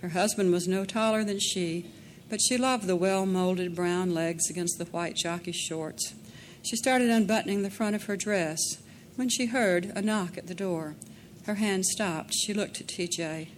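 A woman narrating a dramatic story in a measured way, slowing down in tense passages. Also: fairly low pitch, a little hiss or hum. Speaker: audiobook narrator.

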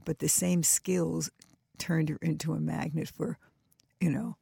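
An older woman with a New York accent, a guest telling animated stories on a radio talk show. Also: deep voice, measured pace, vocal fry, slightly rough, no room sound, clean studio sound. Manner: animated storyteller, laughs often, restarts. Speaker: guest, educator and author.

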